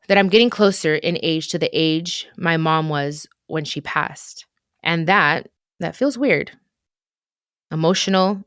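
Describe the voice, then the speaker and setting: A woman in her thirties hosts her podcast in a reflective personal monologue, her voice sitting on the low side. She talks earnestly and confessionally, with soft pauses. The close mic leaves the sound dry, with no room around it. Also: no room sound. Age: 30s. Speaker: podcast host.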